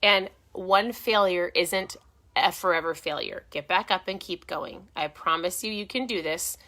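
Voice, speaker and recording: Bright, chatty middle-aged woman. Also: lowish voice, measured pace. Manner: chatty, encouraging, restarts her sentences. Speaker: host of a keto diet channel. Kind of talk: casual live-stream tips. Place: her home.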